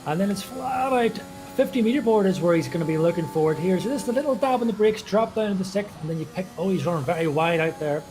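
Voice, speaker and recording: A man's voice: sits high, animated, fast talker, hardly any pauses, darkish tone. A man co-commentating a sim racing event, talking through driving technique with self-deprecating humor.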